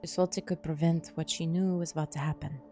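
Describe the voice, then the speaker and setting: A grave male doctor narrating a dark mystery game, read by a woman, quiet and plain in delivery. The voice sits low with a gravelly edge. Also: steady tone, fast, soft background music.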